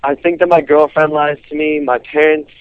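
A man's voice: on the high side, level tone, normal speed, clean tone, dry recording. A seventeen-year-old boy from Colorado calling in to a radio show, hesitant and full of "like" and "um". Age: teens. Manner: hesitant, lots of "like" and "um". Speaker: caller. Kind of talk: phone-in conversation. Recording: dull, dry phone-in line.

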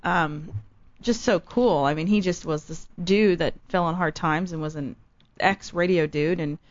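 A woman's voice: fairly low pitch, a little slow, dull audio. A woman co-hosting a casual talk show, chatting with enthusiasm and many fillers. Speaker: co-host. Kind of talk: casual chat.

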